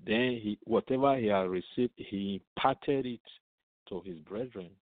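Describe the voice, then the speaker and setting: A man gives radio Bible teaching in an unhurried, deliberate way. His voice sits low. The sound is thin and phone-like, with no room echo around it. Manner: asks rhetorical questions and answers them, repeats words; reads scripture aloud with commentary. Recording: tinny phone-line sound, dry.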